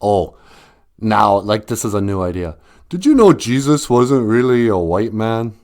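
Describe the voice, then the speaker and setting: This podcast host's voice is fairly low, darkish, a little slow and sing-song. His casual monologue is full of jokes and frequent laughs, with sung bits and sarcastic impressions of the people he quotes.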